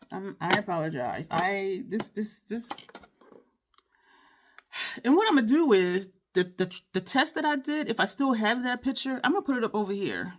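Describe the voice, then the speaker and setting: A woman talks through a makeup tutorial in a loose, rambling way. She sighs, apologizes and circles back over the same point with plenty of ums and restarts, at an ordinary mid pitch. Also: a little hiss or hum. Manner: frustrated, rambling, apologetic, repeats herself; sighs often, many fillers and restarts. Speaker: beauty vlogger. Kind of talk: casual makeup tutorial chat.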